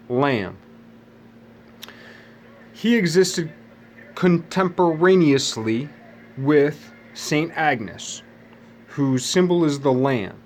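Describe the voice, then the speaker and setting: A man's voice: fairly high pitch, slight background noise. A man talking alone in a loose, rambling monologue, jumping between tangents and correcting himself as he goes. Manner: meandering, self-correcting, jumps between tangents.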